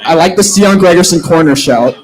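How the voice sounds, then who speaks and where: A man with a high voice offers predictions on a live soccer show, stumbling over repeated words as he thinks. A faint crowd hums in the background. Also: brisk, low-quality recording. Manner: hesitant, repeats words while thinking aloud. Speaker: podcast co-host.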